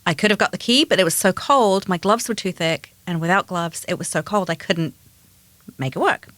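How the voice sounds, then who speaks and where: A woman co-hosting a podcast, telling a personal story in quick, animated bursts. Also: on the low side, dry recording. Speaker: podcast co-host. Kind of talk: casual chat.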